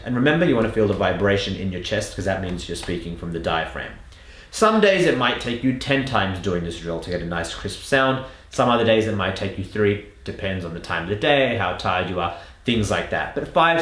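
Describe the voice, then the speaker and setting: Australian man coaching with lively emphasis. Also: on the low side, reverberant. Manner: patient, emphatic, drawing out key words. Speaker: accent coach. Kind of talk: instructional lesson with spoken demonstrations.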